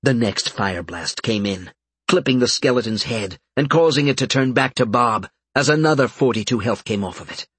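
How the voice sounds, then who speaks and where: A man narrating an audiobook in a steady, matter-of-fact way, with a husky voice. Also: mid-range voice, moderate pace, no echo. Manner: steady, matter-of-fact reading of game stats. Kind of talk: scripted narration.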